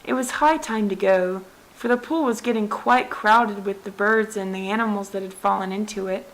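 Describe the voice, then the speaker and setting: A woman narrating a classic children's book aloud in an even, clear storytelling voice. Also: mid-range voice, moderate pace, rough recording. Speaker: audiobook reader.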